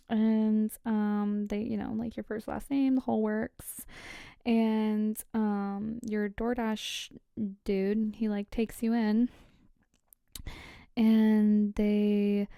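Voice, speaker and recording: A woman's voice: a little high, dark tone, no echo. A woman telling a scary story in a whispered role-play, rambling and giggly with lots of fillers, close to the mic.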